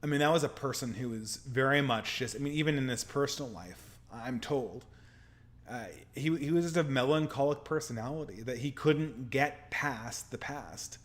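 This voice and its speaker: A man's voice: medium pitch, normal speed. Tired man rambling through a live stream. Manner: rambling, frequent restarts and stammers. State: tired, losing his voice. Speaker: podcast host reading super chats. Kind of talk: casual live-stream commentary.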